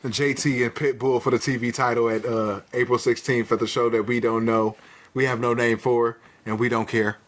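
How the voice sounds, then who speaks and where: A man's voice: mid-range voice, level tone, moderate pace. A man co-hosting a casual wrestling review podcast, swearing freely, laughing often and acting out wrestlers' lines. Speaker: podcast co-host.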